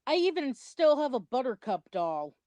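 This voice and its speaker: A woman's voice: high voice, sing-song, moderate pace, a little mellow, dry recording. A young adult woman co-hosting a commentary video, chatty, rambling and a little self-conscious in casual chat.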